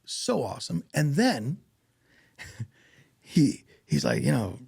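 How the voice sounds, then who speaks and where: A man, an actor guest on a podcast, telling stories in a casual, animated way and acting out what others said. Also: fairly high pitch, takes it slowly, creaky, slightly rough, no room sound, clean studio sound. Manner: animated, acts out quoted voices. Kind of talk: casual storytelling interview.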